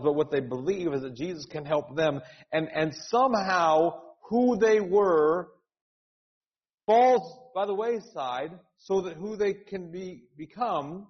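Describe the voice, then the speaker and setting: A male pastor preaching an earnest, urgent sermon, often repeating words and rising into cries. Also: high-pitched. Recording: dull sound with long hall reverb.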